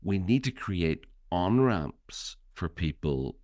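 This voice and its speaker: Deep-voiced man musing thoughtfully. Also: sing-song, slow, a little mellow, dry recording, studio quality. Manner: thoughtful, hesitant, laughs often. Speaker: podcast co-host and author. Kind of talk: casual film chat.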